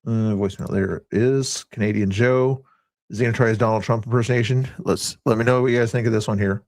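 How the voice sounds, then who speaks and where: A man's voice: on the low side, fairly even intonation, fast talker, a little mellow, no room sound. A man hosting a casual livestream, chatting in a rambling way and reading viewers' comments aloud. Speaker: livestream host.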